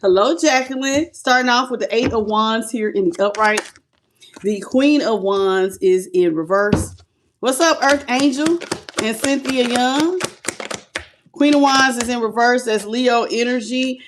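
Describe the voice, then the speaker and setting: Chatty woman tarot reader, higher voice. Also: measured pace, background noise. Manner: warm, playful, calls viewers "baby" and "boo", laughs often. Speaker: tarot reader hosting a live stream. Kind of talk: live-stream tarot reading, chatty greetings to viewers.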